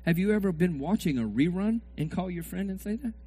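Animated high-voiced preacher man. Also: fairly quick, husky. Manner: animated, acts out fans shouting at the TV. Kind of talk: sermon.

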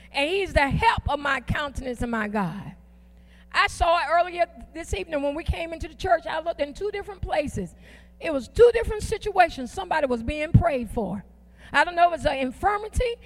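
A woman preaching a sermon in a church, with call-and-response and slow, drawn-out emphatic phrases. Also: high-pitched. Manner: folksy, uses "ain't" and "y'all".

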